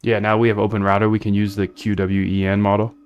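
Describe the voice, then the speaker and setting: A man's voice: lowish voice, flat delivery, fast, clean tone, muffled recording. A man hosting a casual livestream, coding aloud and bluntly reacting to chat. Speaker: livestream host.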